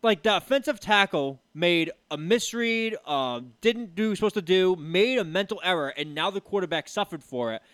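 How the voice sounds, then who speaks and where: Male co-host, high voice, earnest explainer, dry close sound. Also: expressive, a little fast, few pauses, fairly bright tone, smooth, dry recording. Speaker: podcast co-host. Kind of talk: casual chat.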